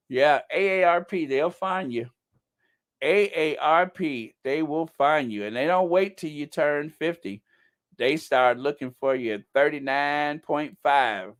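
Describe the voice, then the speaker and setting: A man's voice: fairly high pitch, measured pace, smooth. A middle-aged man hosting a casual live chat, reading viewer comments and joking at his own expense with mock-indignant outbursts. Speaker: channel host.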